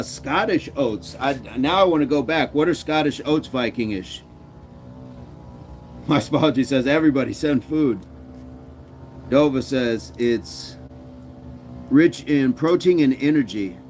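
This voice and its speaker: A man's voice: mid-range voice, measured pace, pauses often, darkish tone, faint music behind. A man hosting a casual live stream, upbeat and laughing often as he reads out viewer comments. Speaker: fitness streamer.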